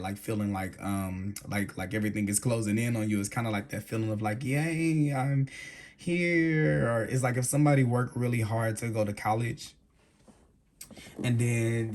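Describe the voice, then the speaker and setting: A man's voice: on the low side, darkish tone. A man giving a tarot reading, thinking aloud and searching for his words with frequent restarts. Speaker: tarot reader.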